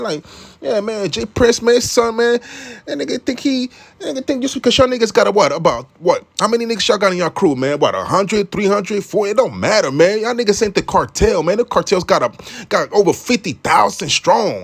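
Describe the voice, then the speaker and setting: Young male commentator, high pitched, rambling and profane, constant "man" filler. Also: vocal fry. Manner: profane, animated street talk. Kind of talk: casual monologue commentary.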